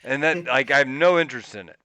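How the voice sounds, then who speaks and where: A man co-hosting a podcast, telling a story in a casual, animated way, swearing and jumping to a squeaky high pitch when he quotes himself. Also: fast talker, no room sound. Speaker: podcast co-host.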